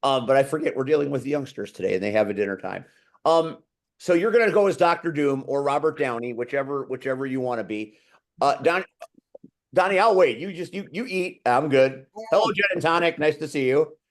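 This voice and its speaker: A man's voice: mid-range voice, lively intonation, brisk. Male host, playful and teasing, casual video-call talk. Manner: joking, teasing. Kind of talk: casual group chat.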